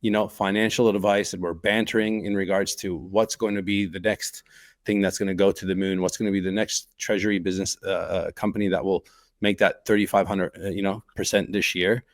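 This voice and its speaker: A man's voice: low voice, little pitch movement, fairly quick. A man co-hosting a podcast, talking casually with eager, repeated emphasis. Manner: enthusiastic, repetitive emphasis. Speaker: podcast co-host.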